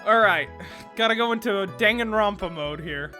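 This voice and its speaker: A woman giving casual, excitable commentary while playing a detective game, swearing freely and reasoning out loud. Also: mid-range voice, moderate pace, soft background music. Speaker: let's play gamer.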